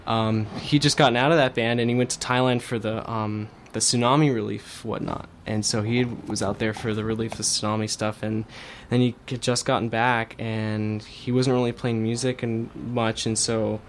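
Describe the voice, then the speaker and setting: A man's voice: mid-range voice, little pitch movement, moderate pace, hardly any pauses. Young male musician, loose rambling interview talk, faint hiss behind. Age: young adult. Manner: rambling, full of fillers and restarts. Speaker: band guitarist and songwriter. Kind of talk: casual interview chat. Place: radio studio.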